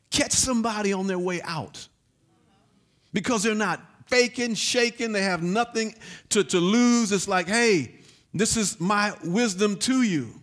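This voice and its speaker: Bright-voiced preacher man. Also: sits high. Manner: storytelling, building to shouted exhortation. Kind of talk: sermon.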